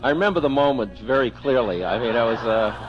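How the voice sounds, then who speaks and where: A man's voice: mid-range voice, animated, quick pace. A man gives a spiritual talk, telling a candid story at his own expense and breaking into chuckles. His voice sits in a middle range for a man. The recording is dull and lo-fi, with faint music underneath. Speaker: spiritual teacher.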